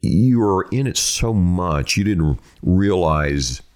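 A man's voice: deep voice, lively intonation, takes it slowly, darkish tone. A middle-aged man, a true crime reporter telling stories in an interview and acting out the voices he quotes. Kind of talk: storytelling in an interview.

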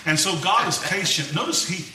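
A middle-aged man preaching a sermon, emphatic and animated, with folksy asides and chuckles. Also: high-pitched, moderate pace, a crowd in the background. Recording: echoey room, mic far off.

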